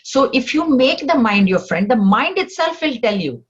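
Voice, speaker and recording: A woman's voice: fairly high pitch, sing-song, normal speed, husky, highs cut off. A woman teaching a spiritual scripture class, explaining step by step and asking rhetorical questions.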